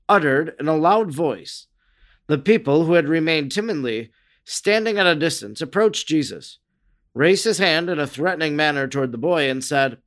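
A man reading a religious narrative aloud in a measured, earnest way, lifting his voice for the quoted speech. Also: fairly high pitch, animated, fairly bright tone. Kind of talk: scripted narration of a religious text.

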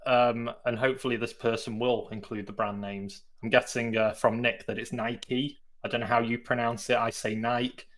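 A man's voice: mid-range voice, little pitch movement, a little fast, hardly any pauses. A British man co-hosting a podcast, chatty and light, often turning questions back to his partner. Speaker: podcast co-host. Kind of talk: casual discussion of search marketing news.

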